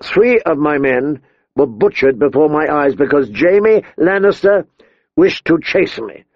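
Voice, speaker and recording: A man's voice: on the high side, animated, unhurried, no room sound, highs cut off. A man voicing a stern, weary lord who speaks with icy courtesy.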